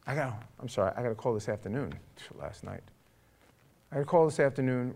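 A pastor, telling a story in a sermon, acting out the people in it and building to a forceful charge. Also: male voice, medium pitch, expressive, fairly quick, creaky. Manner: conversational, acts out dialogue, rising to forceful exhortation.

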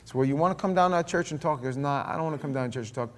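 A middle-aged man preaching a sermon, telling a story with lively acted-out dialogue. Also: on the high side, rapid-fire. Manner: storytelling, animated, acts out dialogue. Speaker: pastor.

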